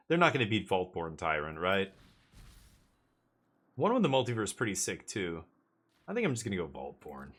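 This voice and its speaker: A man's voice: mid-range voice, fairly bright tone. A man chatting casually as he streams a card game, rambling with jokey asides. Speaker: live streamer. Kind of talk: casual gameplay commentary.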